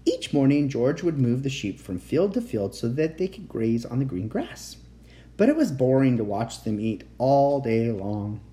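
A man reading a bedtime story aloud in a gentle, expressive way as the host of his own story show. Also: mid-range voice.

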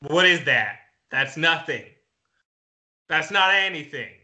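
A man's voice: on the high side, expressive, slow, bright, forceful tone, full character voice. A man playing a hot-tempered male fruit farmer with a Southern US drawl in an improv comedy sketch. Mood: scoffing. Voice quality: drawling, indignant.

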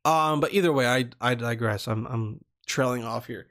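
Speaking at normal speed in a mid-range, fairly bright voice, a man rambles through a long personal story in casual talk. He restarts often, swears freely, and performs the voices of the people he quotes.

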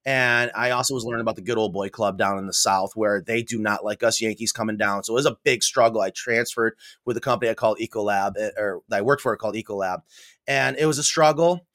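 A middle-aged man from New York State, a podcast guest telling stories in a casual, animated way and acting out the voices he quotes. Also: lowish voice, fast talker. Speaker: podcast guest, coop builder. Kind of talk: casual storytelling interview.

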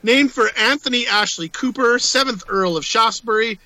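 A man's voice: very high-pitched, normal speed, bright, forceful tone, no room sound, low-quality recording. A man co-hosting a podcast, reading out facts with playful asides in casual chat. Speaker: podcast co-host.

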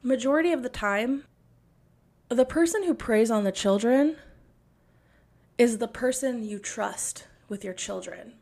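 A woman's voice: fairly high pitch, a little slow, pauses often, a little mellow. A young woman hosting a podcast, delivering an angry, sarcastic and profane monologue. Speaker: podcast host.

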